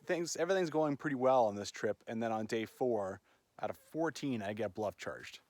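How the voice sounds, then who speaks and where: A man's voice: mid-range voice, lively intonation, moderate pace, a little mellow, no echo. A man vlogging on his own while he backpacks a wilderness trail. He talks into a handheld phone in a chatty, rambling way and often ends with "right?". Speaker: solo backpacker filming his trip. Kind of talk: casual vlog narration while hiking. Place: outdoors on a backcountry trail.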